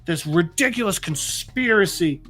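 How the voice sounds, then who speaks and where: A man's voice: high voice, expressive, measured pace, sharp tone, faint music behind, heavily acted. A man voicing a dismissive, condescending male president brushing off questions.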